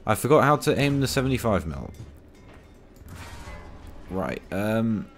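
A man's voice: on the low side, very animated, a little slow, faint music behind. A man giving rambling, self-mocking commentary while playing a tank game, full of dry asides. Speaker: gaming video creator.

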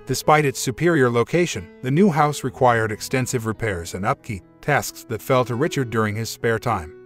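Casting: male narrator, mid-range voice, steady scripted storytelling with soft music behind. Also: medium pitch, normal speed. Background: faint background music.

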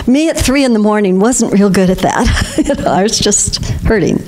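An older woman, invited as guest speaker, gives a spiritual talk to a congregation, telling warm stories and laughing frequently. Her voice is medium-pitched and animated at a normal speed, with slight background noise.

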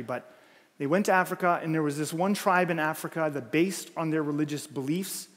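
A man's voice: on the high side, a bit bright, long reverb tail. A man preaching a sermon as pastor, earnest and emphatic, building points through repeated phrases. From Canada. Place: church sanctuary.

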